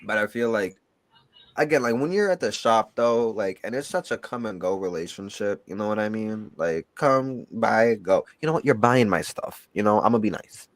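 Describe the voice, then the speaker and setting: A man's voice: on the low side, animated, normal speed, no room sound. A young adult man chatting casually as a shop owner, blunt and gossipy with a sassy edge. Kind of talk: casual chat.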